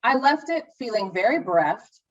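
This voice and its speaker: A woman's voice: on the high side, big pitch swings, normal speed, muffled recording. Gushing, rambling woman reviewing movies. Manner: gushing, rambling with many restarts and acted-out asides. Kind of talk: casual movie review chat.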